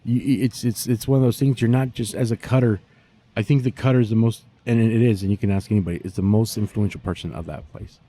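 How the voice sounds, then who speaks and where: A man, a barbecue pitmaster telling stories in a profane, animated way during a casual interview. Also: on the low side, quick pace.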